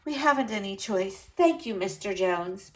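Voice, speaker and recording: A woman's voice: mid-range voice, lively intonation, normal speed, a little hiss or hum, close to an everyday voice. A woman voicing a proper, worried mother on a snowbound journey in a storybook. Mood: fretful.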